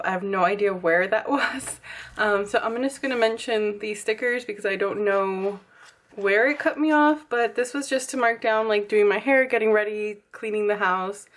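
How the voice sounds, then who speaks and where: A young woman from Texas, slightly hoarse, chatting casually to viewers about her planner and filling her talk with likes and ums. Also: mid-range voice, a bit bright. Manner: chatty, many fillers, addresses viewers as y'all. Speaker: planner vlogger.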